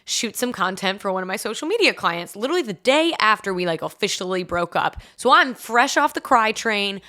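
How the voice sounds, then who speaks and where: A young woman hosts her podcast solo, telling stories in a chatty, confessional way with plenty of laughing asides. Her voice is bright and clear, at a middle pitch for a woman. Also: lively intonation, brisk. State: congested. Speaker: podcast host. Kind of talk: casual solo podcast storytelling.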